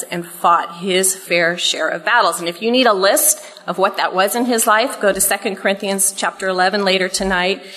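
A woman's voice: mid-range voice, fairly bright tone, low-quality recording. A middle-aged woman giving an earnest, conversational Bible teaching to a women's group in a room. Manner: earnest, conversational, emotional at times.

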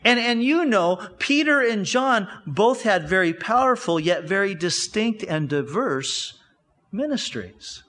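A man with a notably high voice preaches a sermon to his church. He tells Bible stories in a casual, conversational way and often stops to restart his sentences. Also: lively intonation, unhurried, a bit bright. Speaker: pastor.

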